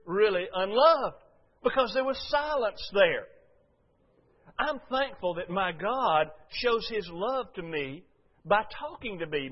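A man's voice: high-pitched, breathy edge. Folksy preacher man, lo-fi. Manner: folksy, conversational preaching with frequent "uh" and rhetorical questions. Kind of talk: sermon. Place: church before a congregation. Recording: dull lo-fi recording.

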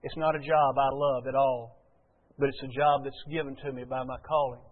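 A man's voice: mid-range voice, level tone, moderate pace. Earnest male pastor preaching in an echoing hall. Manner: earnest, emphatic, repeats key phrases. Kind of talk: sermon. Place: church sanctuary. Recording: phone-like sound in a long-echo hall.

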